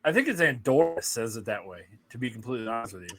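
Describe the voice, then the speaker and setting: A man's voice: medium pitch, big pitch swings, fast, fairly bright tone, no room sound. A man co-hosting a podcast in casual chat, joking and teasing his co-host.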